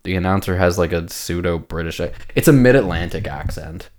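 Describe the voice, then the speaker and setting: Casting note: man with a very low voice, easygoing podcast co-host, rambles and restarts. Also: expressive, fairly quick, a little mellow. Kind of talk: casual chat.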